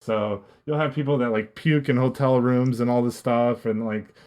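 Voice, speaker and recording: A man's voice: mid-range voice, steady tone, normal speed, a little mellow. A young man and podcast guest, telling a casual story in a rambling way with many restarts. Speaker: podcast guest, esports coach.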